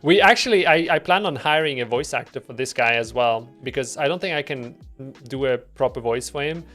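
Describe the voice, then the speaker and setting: A man's voice: mid-range voice, a little fast, fairly bright tone. Man, mid-range voice, easygoing indie dev streaming, rambles with fillers; faint music underneath. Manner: rambling, filler-heavy, self-deprecating. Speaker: indie game developer streaming. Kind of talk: casual devlog stream talk.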